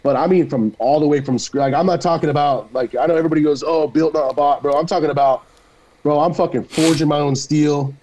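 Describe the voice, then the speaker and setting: A middle-aged man talks as a guest on a casual podcast. His voice is dark and mellow, and he rambles through loose, profane stories. He drops jokes and swears freely. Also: on the high side, steady tone, poor audio. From Mexican-American. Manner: profane, joking, drawn-out storytelling.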